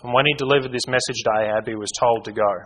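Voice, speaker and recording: A man's voice: mid-range voice, fairly even intonation, very fast, a bit bright, poor audio. Man preaching a casual Bible sermon. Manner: informal, self-correcting, loses his place in his notes.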